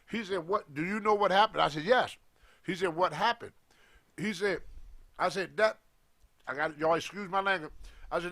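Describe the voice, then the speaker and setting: High-voiced older man telling a story. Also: moderate pace, pauses often, sharp tone, slight background noise. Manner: acts out quoted voices, colloquial Southern US grammar. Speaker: former pro wrestler telling a story. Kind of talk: animated storytelling.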